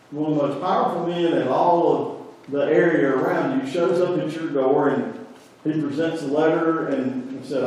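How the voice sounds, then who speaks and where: A pastor preaches in a chatty, animated storytelling style. His voice is mellow and dark. It echoes heavily through a large sanctuary and sounds far from the mic. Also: a little high. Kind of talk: sermon. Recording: very echoey church, voice from afar.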